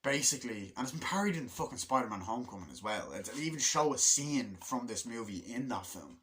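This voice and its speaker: A man's voice: medium pitch, lively intonation, fast, fairly bright tone. A man giving a casual, rambling movie review, swearing freely and humming the score as he retells scenes.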